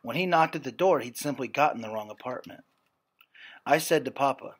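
A man reading a children's story aloud in a gentle, steady narrating voice. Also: medium pitch, fairly quick, husky. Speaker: reader.

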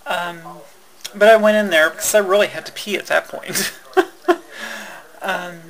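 A woman telling a personal story in a halting way, with many fillers, restarts and wry laughs. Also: fairly low pitch, fairly even intonation, poor audio.

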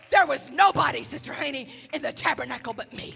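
A woman in her sixties preaching a testimony sermon in a church, dropping to hushed near-whispers and rising to fervent shouts. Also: high-pitched, animated, brisk, gravelly, long reverb tail, a little hiss or hum. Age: 60s. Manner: breaks into speaking in tongues. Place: large church sanctuary.

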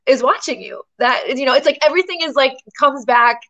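A woman guest in an interview, telling a story in a chatty, animated way with plenty of fillers. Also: high-pitched, a little fast, highs cut off. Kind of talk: storytelling in conversation.

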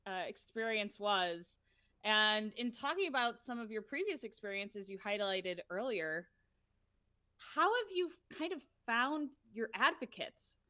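A woman's voice: medium pitch, sing-song, unhurried, pushed and bright, dry recording. A woman hosting an interview, laughing easily and asking a long question full of fillers. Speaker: interviewer, summit host. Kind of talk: conversational interview.

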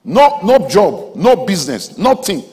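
A man preaching a sermon in a large auditorium, emphatic, swinging between soft asides and loud exhortation. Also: high-pitched, sing-song, a little slow, slightly rough. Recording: hall reverb from a large auditorium.

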